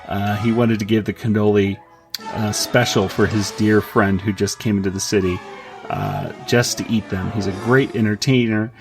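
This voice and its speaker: A man co-hosting a podcast, casually recapping a comic and acting out the characters' lines in raised voices, with many fillers. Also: fairly low pitch. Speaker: podcast co-host.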